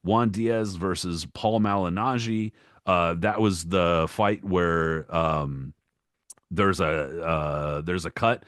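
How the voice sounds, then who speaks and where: Podcast co-host, a man with a deep voice, cursing and exasperated, dry close sound. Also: steady tone, fairly bright tone, dry recording. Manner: profane, exasperated ranting; rapid listing with mock-quoted voices. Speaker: podcast co-host, boxing historian. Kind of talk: casual podcast rant.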